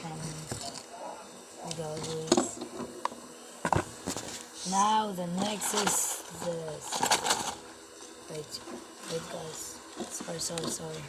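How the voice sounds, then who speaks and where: Female toy unboxer, slow and playful, talks to her figures, non-native phrasing, noisy home recording. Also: sits low, fairly even intonation. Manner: playful, chats to the toy figures and apologizes to them. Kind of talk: casual unboxing commentary.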